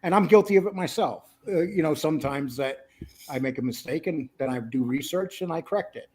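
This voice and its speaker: A man's voice: fairly high pitch, brisk, darkish tone, slightly rough. A man hosting a loose live-stream talk over a call. He rambles through his points in a teasing, joking way, with many "uh"s and restarts. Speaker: host. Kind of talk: casual live-stream chat.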